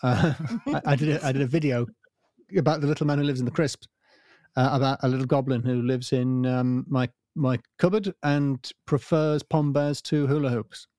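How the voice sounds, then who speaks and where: A man's voice: mid-range voice, fairly even intonation, normal speed, mellow, no echo. A man chatting as a podcast guest, with a dry, self-mocking wit and an easy mid-range voice. His voice sits close and dry on the mic, with no room sound. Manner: dry, self-deprecating humour. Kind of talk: casual podcast chat.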